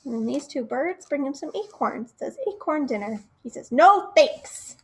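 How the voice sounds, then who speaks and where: A woman's voice: high-pitched, fairly quick. A young woman, a children's librarian, reading a picture book aloud at storytime, talking right to the kids and asking them questions. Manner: expressive, talks straight to the kids, asks them questions.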